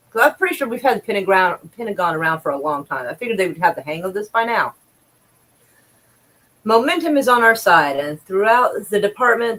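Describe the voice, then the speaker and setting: A woman's voice: fairly low pitch, fairly bright tone, rough recording. Woman, livestreamer, news read-aloud, sarcastic, profane, exasperated. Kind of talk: casual news commentary, reading aloud.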